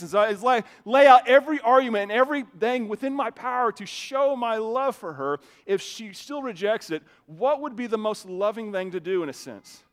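High-voiced man preaching conversationally. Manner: conversational preaching, often repeats words when starting a phrase; loudness swings widely, from soft asides to emphatic raised lines. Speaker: pastor. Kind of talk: sermon.

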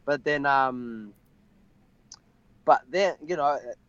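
A young man, an MMA fighter, telling a personal story in an interview, halting and full of fillers. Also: mid-range voice, fairly bright tone, smooth, no room sound, lo-fi sound. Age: young adult. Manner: halting, many fillers and restarts.

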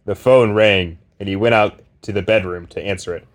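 A man's voice: on the low side, fairly even intonation, a little fast, few pauses. A man co-hosting a comedy podcast, trading teasing, wry banter and narrating a book aloud. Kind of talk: casual banter and reading aloud.

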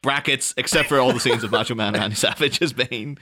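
A man, a guest on a podcast, chatting casually and joking with quick put-on voices. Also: medium pitch, noisy background. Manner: jokey, slips into quick mock voices.

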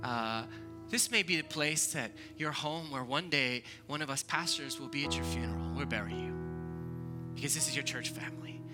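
A man, preaching a sermon in a conversational, animated storytelling way. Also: mid-range voice, normal speed, loud music behind the voice. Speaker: pastor.

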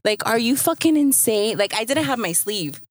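A woman's voice: on the high side, lively intonation, normal speed, no room sound. Woman telling a profane story. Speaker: podcast guest. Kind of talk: casual chat. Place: in a car.

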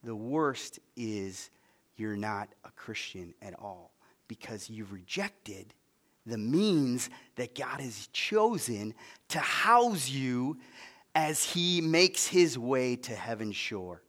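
A male pastor preaching a sermon, swinging between loud emphasis and hushed near-whispers, with stammering restarts. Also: mid-range voice, expressive, takes it slowly.

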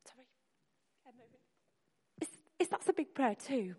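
A woman's voice: sits high, sing-song, moderate pace, a little mellow. A woman preaching a sermon to a congregation in an earnest, encouraging way, speaking directly to the listeners. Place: church hall. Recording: long hall reverb.

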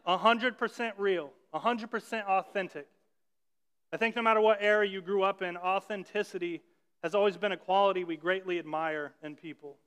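High-voiced pastor in a reverberant hall. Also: male voice, fairly even intonation, fairly quick, a bit bright, clear, resonant tone. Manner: conversational, with ironic rhetorical questions. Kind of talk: sermon. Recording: long reverb of a large hall.

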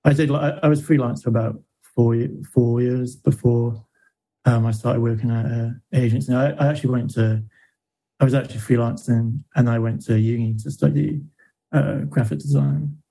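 A man's voice: mid-range voice, moderate pace, dark tone, low-quality recording. A Welsh man talking as a podcast guest in a casual interview, hesitant, with lots of fillers.

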